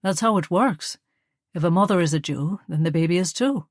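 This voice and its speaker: Woman reading a gentle young husband. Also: lowish voice, fairly quick, no room sound, clean studio sound, close to an everyday voice. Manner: gentle, turns firm. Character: young Irish husband, gentle but firm.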